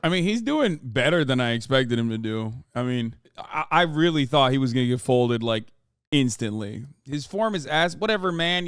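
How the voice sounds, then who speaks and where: A man streaming his reaction to a video, excitable and rambling and swearing a lot. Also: mid-range voice, normal speed, clear, resonant tone, no echo. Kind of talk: casual reaction commentary.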